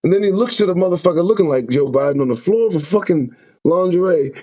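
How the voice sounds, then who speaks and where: Fiery, profane man with a lively pitch. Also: fast. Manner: profane, preaching, lively ups and downs. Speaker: show host. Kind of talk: impassioned ranting commentary. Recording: dull lo-fi sound.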